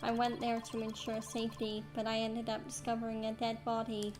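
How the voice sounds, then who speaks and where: A woman's voice: fairly high pitch, completely flat delivery, a little fast, natural voice. A woman voicing a terse male bomb disposal expert who talks in clipped, robotic phrases over game music.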